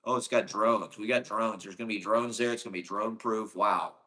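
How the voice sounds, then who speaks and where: A man's voice: on the low side, fairly even intonation, brisk, pushed and bright. A man from Ohio delivering a casual, rambling monologue, profane and sarcastic.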